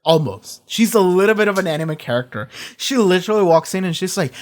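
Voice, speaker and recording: A host talking casually through a TV episode reaction, rambling and animated, swearing freely and circling back to repeat points. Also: medium pitch, fast talker.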